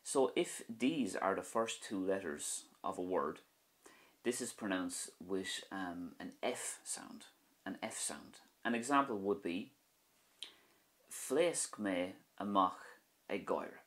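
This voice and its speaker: A young man with an Irish accent teaching Irish pronunciation in a video lesson, slowly repeating each example word. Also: low-pitched, animated, fairly bright tone.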